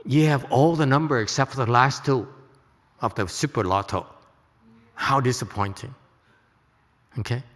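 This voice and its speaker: A man's voice: medium pitch, normal speed, pauses often, a bit bright, long reverb tail. A man teaching at a temple, giving a Buddhist lecture to an audience, joking and checking they follow. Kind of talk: dharma lecture.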